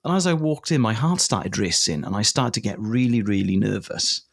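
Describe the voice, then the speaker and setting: A man's voice: on the low side, normal speed, gravelly, dry recording, studio quality. A Welsh man in his forties, a comedian guesting on a podcast, telling a casual anecdote with swearing and laughter. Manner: animated, swearing, laughing storyteller.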